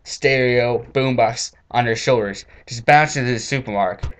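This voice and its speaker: Man for a comic rant: fed-up, profane, yells at the top of his voice mid-sentence. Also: medium pitch, normal speed, smooth. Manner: angry, profane, bursts into shouting. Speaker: comedic ranter. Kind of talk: comedic rant monologue.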